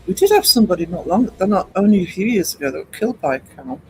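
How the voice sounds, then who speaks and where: High-voiced man chatting on stream. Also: big pitch swings, quick pace, darkish tone, soft background music, low-quality recording. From United Kingdom. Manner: rambling, chatty, greets chat by name, many ums. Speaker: livestream host. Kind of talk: casual live-stream chat with viewers.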